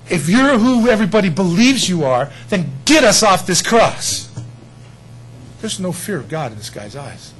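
A man preaching a sermon in an animated, conversational way, acting out short quotes. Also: a little high, slight background noise, low-quality recording.

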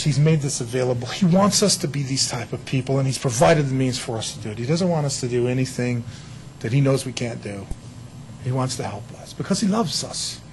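A man's voice: medium pitch, slight background noise, poor audio. A man giving a casual, joking sermon, telling a story to his congregation. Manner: chatty and animated, telling a story with jokes. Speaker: pastor.

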